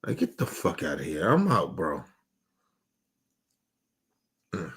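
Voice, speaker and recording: A man streaming an emotional, profane rant, repeating himself with heated questions and trailing off into low mutters. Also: very animated, normal speed, a bit bright.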